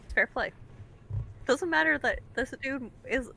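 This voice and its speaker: Woman, tabletop player, high voice, bright tone, giggly. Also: measured pace, gravelly, a little hiss or hum. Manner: giggly, chatty. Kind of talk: casual chat at a tabletop game.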